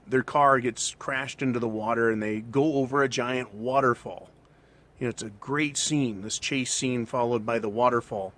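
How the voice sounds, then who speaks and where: A man's voice: medium pitch, fairly bright tone, a little hiss or hum. A man casually retelling a film plot in a rambling, opinionated way, often tagging his sentences with "right?". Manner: rambling, tags lines with "right?". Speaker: channel host.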